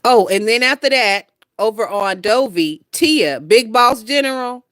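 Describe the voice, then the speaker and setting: Reading out comments from viewers on her casual gossip stream, a brash, foul-mouthed woman in her twenties laughs a lot. Her pitch is fairly high, her intonation lively, her pace unhurried, and her tone fairly bright, captured in a dry, studio-quality recording.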